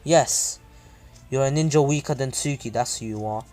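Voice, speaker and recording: A man's voice: medium pitch, moderate pace, mellow, faint music behind, lightly acted. Brief: man reading cool, blunt young ninja boy, plain mid-range voice. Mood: cool, taunting.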